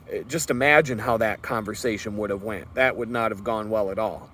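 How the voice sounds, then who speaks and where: A man's voice: fairly low pitch, fairly even intonation, moderate pace, few pauses, fairly bright tone. A man vlogging a personal story in an earnest, rambling way, with fillers and restarts.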